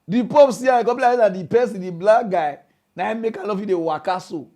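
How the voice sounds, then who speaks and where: A man with a high-pitched voice and a Nigerian Pidgin accent rants through a comedy news bit. He lectures his audience in a mocking, preachy way, and his delivery swings between loud scolding and low asides. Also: quick pace. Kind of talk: comedic rant.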